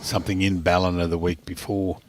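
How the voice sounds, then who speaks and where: A man's voice: deep voice, little pitch movement, brisk, background noise. A man chatting casually as a co-commentator at a bowls match. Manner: easygoing, chatty, dry humour.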